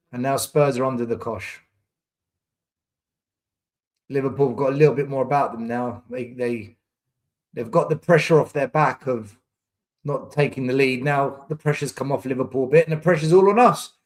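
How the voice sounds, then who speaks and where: A man's voice: mid-range voice, moderate pace, long pauses, a little mellow. A young man hosting a live football watchalong, exasperated, swearing and repeating himself as he reacts. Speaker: fan channel host. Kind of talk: live match watchalong commentary.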